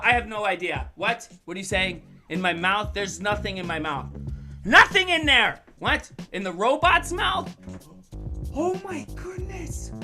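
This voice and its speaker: A woman's voice: high voice, pushed and bright. A woman presenting a playful online show for children, coaxing them to join in and talking straight to them. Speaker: kids' show presenter and magician. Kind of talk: lively online kids' workshop.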